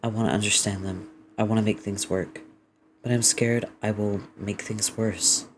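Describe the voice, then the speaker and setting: A man voicing a hushed, tearful young neighbor. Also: fairly low pitch, steady tone, normal speed, a little hiss or hum, close to an everyday voice. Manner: soft, hushed, hesitant. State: sniffling after crying. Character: tearful young neighbor phoning their mother.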